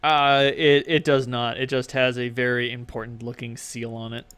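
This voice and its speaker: A man's voice: mid-range voice, little pitch movement, moderate pace, fairly bright tone, clear, resonant tone, no room sound. A man narrating as game master in a casual, joking manner, often stumbling over his words.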